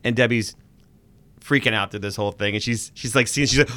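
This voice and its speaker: Animated man recapping a show. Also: mid-range voice, fast, no room sound. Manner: animated, acts out scenes and sound effects. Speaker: podcast co-host. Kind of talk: casual episode recap chat.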